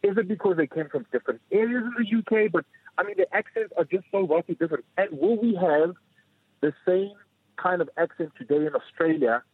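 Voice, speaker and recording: Husky man calling in by phone. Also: sits high, a little fast, dry recording. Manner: curious and searching, with many fillers. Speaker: caller. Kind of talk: phone-in question. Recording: tinny phone line.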